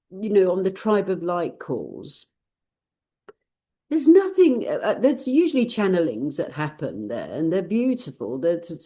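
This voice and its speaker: Older woman host, low lively voice, mellow tone, chatty and rambling with frequent laughs. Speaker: channeler and vlog host. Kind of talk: casual personal chat to viewers.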